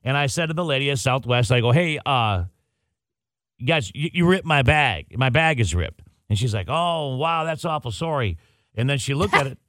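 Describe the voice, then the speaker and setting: A man hosting a morning radio show, telling a story in a casual, animated way and acting out the dialogue. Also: medium pitch, moderate pace, no room sound.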